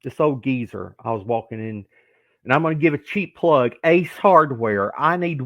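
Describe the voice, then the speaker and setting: Sixties male guest, animated joking storyteller, gravel in the voice. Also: medium pitch, moderate pace, no room sound, muffled recording. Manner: animated, joking, acts out the people in his stories. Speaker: podcast guest, former pro wrestler. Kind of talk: casual storytelling.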